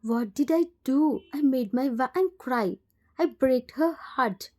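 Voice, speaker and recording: Woman playing a remorseful man in his late forties, Indian English accent, warm tone. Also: high-pitched, expressive, takes it slowly, heavily acted. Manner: pleading, guilt-ridden.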